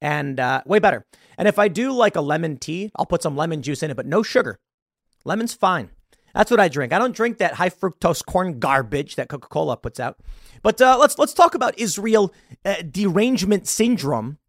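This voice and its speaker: A man's voice: high-pitched, sing-song, moderate pace, no echo, clean studio sound. A man hosting a podcast, delivering an exasperated opinion rant with frequent laughs and repeated words. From United States. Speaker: podcast host.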